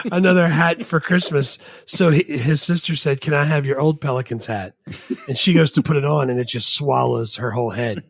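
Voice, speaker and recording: A man's voice: a little high, normal speed, gravelly, dry recording, clean studio sound. A man co-hosting a movie podcast, chatting casually and jokingly. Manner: jokey, drops into quoted voices. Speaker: podcast co-host. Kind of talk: casual chat.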